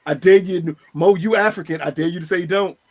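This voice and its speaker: A man's voice: high voice, steady tone, a little fast. Teasing, emphatic male podcast host. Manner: teasing, emphatic, repeats himself. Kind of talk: casual banter.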